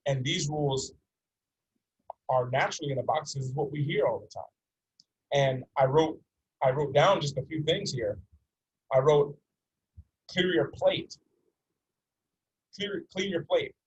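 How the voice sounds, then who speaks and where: A man's voice: medium pitch, normal speed, long pauses, husky, muffled recording. A man in his forties from North America, teaching a coaching session in an earnest, repetitive way and using stories to make his points. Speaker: life coach.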